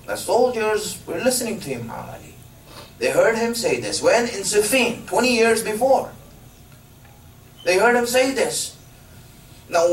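A man's voice: sits high, slight background noise. Preacher man in an echoey hall. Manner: halting, filler-heavy narration with emphatic questions. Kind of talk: sermon storytelling. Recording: echoey room from a distance.

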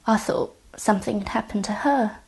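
A woman giving halting, quiet testimony about her brother, often dropping near a whisper and close to tears. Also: mid-range voice, gravelly, husky. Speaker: bereaved sister giving testimony. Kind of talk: recounted personal testimony.

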